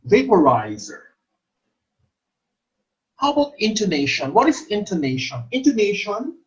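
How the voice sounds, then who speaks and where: Middle-aged male teacher, unhurried, repeats key terms. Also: sits high, rough recording. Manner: explains slowly, repeats terms and stresses syllables. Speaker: exam review teacher. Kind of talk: teacher-exam coaching lecture.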